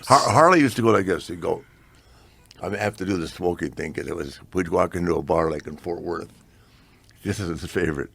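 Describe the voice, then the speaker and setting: A very deep, gravelly man in his seventies tells rambling stories as a podcast guest. His voice is husky and worn, and he talks in a loose, casual way. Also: a little fast, fairly bright tone. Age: 70s. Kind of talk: casual storytelling.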